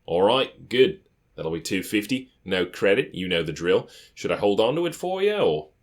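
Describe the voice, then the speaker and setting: A man's voice: lowish voice, big pitch swings, moderate pace, pitched above the performer's own voice. A man voicing a cheerful, streetwise male tape dealer with a faint accent, talking in a friendly, conspiratorial way in an audiobook. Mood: jovial. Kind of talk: audiobook character voice.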